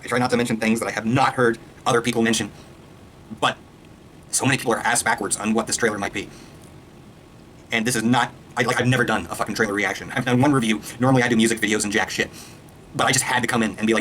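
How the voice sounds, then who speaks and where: A man in full rant mode, swearing constantly and jumping from point to point. His voice sits at an ordinary middle pitch. A faint background hiss runs under the recording. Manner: excitable, profane, rapid-fire ranting. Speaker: video reviewer. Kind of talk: casual rant.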